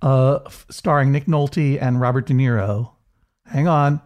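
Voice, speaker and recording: A man's voice: mid-range voice, fairly even intonation, unhurried, a little mellow. A man co-hosting a podcast in casual chat, rambling with many restarts. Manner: rambling, chatty, lots of restarts. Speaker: podcast co-host.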